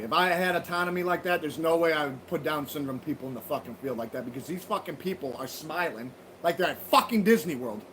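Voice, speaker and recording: Profane rambling high-voiced man. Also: fairly bright tone, slight background noise. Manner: blunt, heavy swearing, rambling with restarts. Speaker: livestream host. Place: home livestream.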